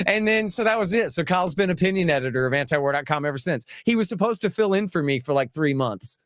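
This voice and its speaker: Animated man telling stories. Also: on the high side, fast talker, no room sound, clean studio sound. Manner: animated, chuckling, repeats phrases. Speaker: podcast host. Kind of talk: casual chat, anecdotal storytelling.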